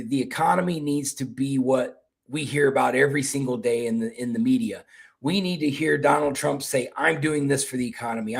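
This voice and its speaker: Kentucky guy talking politics, gravelly, kinda husky, rambles and restarts a lot. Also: mid-range voice. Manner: rambling, repeats and restarts words. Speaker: political commentary host. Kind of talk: casual political commentary.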